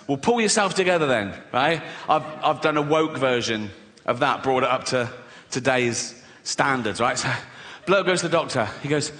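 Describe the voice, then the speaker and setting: English stand-up comic in an echoey hall. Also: male voice, medium pitch, lively intonation, normal speed, a bit bright. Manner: chatty, laughs at his own jokes, teases the crowd. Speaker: stand-up comedian. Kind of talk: stand-up routine. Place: large concert hall on stage. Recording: echoey hall, live audience noise.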